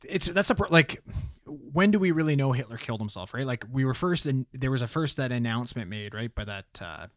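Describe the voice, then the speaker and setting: A man's voice: medium pitch, lively intonation, a little fast, a bit bright, no room sound, studio quality. A man co-hosting a podcast in casual chat, blunt and emphatic and swearing freely. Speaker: podcast co-host.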